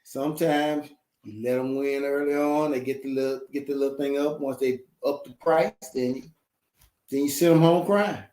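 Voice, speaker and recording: A man's voice: medium pitch, fairly even intonation, normal speed, dark tone, reverberant. A man who is a guest on a fishing live stream, chatting casually and defending himself with playful trash talk.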